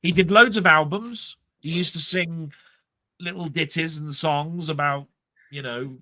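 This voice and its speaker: This livestream co-host speaks in a slightly high, bright, forceful voice at a measured pace. During a casual chat he tells stories in a rambling, stop-start fashion, repeating words a lot.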